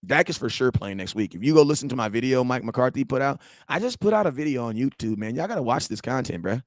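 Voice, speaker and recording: A young man with an expressive, medium-pitched voice talks fast in a dry recording. As a sports talk show host on a live stream, he rants with heat and slang, goes over the same points again, and addresses viewers directly.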